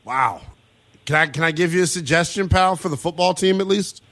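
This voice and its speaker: A man hosting a late-night sports talk radio show, brash and quick to tease callers. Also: on the high side, fairly bright tone.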